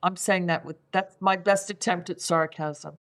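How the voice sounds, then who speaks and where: A woman's voice: fairly low pitch, steady tone, moderate pace. Older woman, from England, reflective, repeats words, conversational podcast guest. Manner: warm, reflective, repeats words while searching. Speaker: guest, five element acupuncturist.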